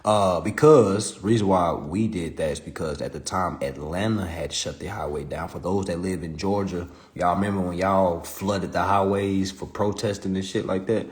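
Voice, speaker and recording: A young man from South Carolina, USA, hosts a livestream, delivering a casual, profane monologue and laughing often. His voice is low-pitched, at a moderate pace with few pauses, and the recording has a roomy echo.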